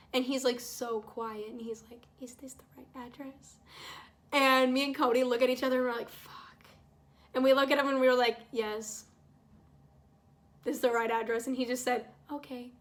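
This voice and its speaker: Bright, high-voiced young woman vlogger. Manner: exasperated, swears freely, acts out quoted lines. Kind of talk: casual storytime while painting.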